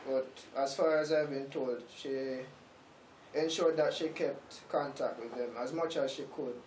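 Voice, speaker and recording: A man's voice: mid-range voice, steady tone, darkish tone, a little hiss or hum. Man telling a family story, echoey and distant. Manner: storytelling with frequent pauses and restarts. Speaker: interviewee, family member. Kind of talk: casual interview answers.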